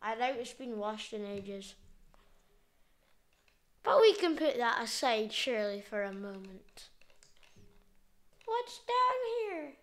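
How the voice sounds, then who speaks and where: A woman's voice: on the high side, slow pace, pauses often. A woman hosting a gameplay video, giving goofy, jokey commentary as she plays and calling out to her viewers. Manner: goofy, jokey, playfully excitable.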